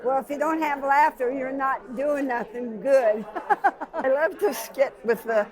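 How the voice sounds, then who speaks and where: A woman's voice: sits high, measured pace. A woman resident giving brief, simple remarks in a casual interview.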